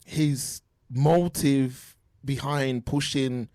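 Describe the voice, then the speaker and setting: A man co-hosting a casual sports podcast over a remote call, animated and full of restarts. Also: mid-range voice, drawn-out words, no room sound, clean studio sound. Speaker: podcast co-host. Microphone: remote call mic.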